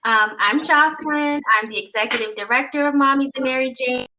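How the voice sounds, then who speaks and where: A woman's voice: high voice, a little fast, sharp tone, slight background noise, low-quality recording. A woman hosting a casual online panel, chatty and upbeat, with lots of fillers. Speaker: panel host, nonprofit executive director. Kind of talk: casual panel chat on a video call. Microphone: video call.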